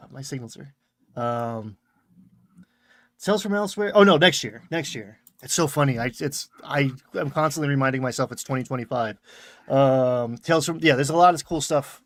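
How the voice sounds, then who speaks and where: A man's voice: mid-range voice, no echo. A man with a Long Island accent hosting a casual chat, rambling and correcting himself with chuckles. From Long Island, New York. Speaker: podcast host.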